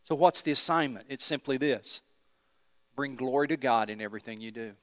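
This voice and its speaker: A man's voice: medium pitch, brisk, no echo, long reverb tail. A man pastor preaching a sermon, emphatic and putting questions to the congregation.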